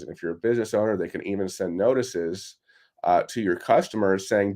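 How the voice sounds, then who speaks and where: A man as an expert guest on a talk show, answering in a steady, explanatory way over a laptop microphone. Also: sits low, brisk. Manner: steady, explanatory, a few fillers. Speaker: tax relief expert guest. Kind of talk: interview answers. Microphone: laptop microphone on a remote call.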